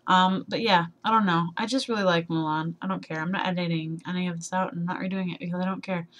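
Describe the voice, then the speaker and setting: A young woman in her early twenties talks through a casual tag video in a somewhat low voice. She rambles, trails off and laughs at her own jokes, sounding slightly sleep deprived. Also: fairly even intonation, fast talker, dull audio. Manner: rambling, self-deprecating, giggly. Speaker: vlogger.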